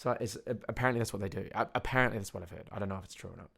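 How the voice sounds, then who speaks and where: A man's voice: lowish voice, racing, creaky, fairly bright tone, slightly rough. A young Australian man hosting a podcast, talking in a rambling, loose way, swearing often and laughing at his own stories. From Tasmania, Australia. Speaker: podcast host. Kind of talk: casual solo rant.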